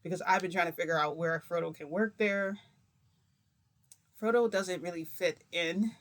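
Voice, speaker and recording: A woman's voice: fairly low pitch, steady tone, normal speed, fairly bright tone. A woman chatting through a personal story in a loose, meandering way. She stumbles over restarts, leans on fillers, and keeps checking that the listener is following. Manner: rambling, frequent "like" fillers and restarts; chatty, confiding, asks listener "right?". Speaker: vlogger. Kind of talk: casual storytime monologue.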